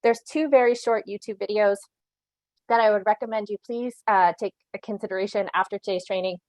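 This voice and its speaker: An animal control officer gives an online training in a steady, slightly mellow, mid-range voice, talking fairly quickly. She explains earnestly, keeps asking "right?", and laughs lightly at times. The recording is dry and low in quality.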